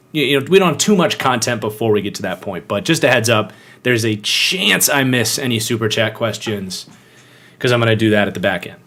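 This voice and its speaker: A man's voice: mid-range voice, fairly bright tone. A young man hosting a live football podcast, chatting casually and greeting viewers by name. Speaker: podcast host.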